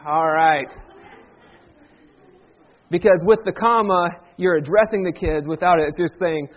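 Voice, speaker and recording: A pastor with a high, light voice delivers a relaxed Easter-season sermon, teasing and joking with his congregation. He talks conversationally and pulls the room into call-and-response. The recording is dull and lo-fi. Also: moderate pace, pauses often. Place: church sanctuary.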